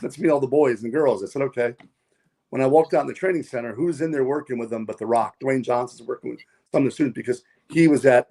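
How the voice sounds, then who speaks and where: A man's voice: mid-range voice, vocal fry, darkish tone. A man, a guest on a podcast, telling long stories in a rambling way with many fillers and repeated words. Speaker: podcast guest, wrestler and pilot. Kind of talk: casual storytelling interview.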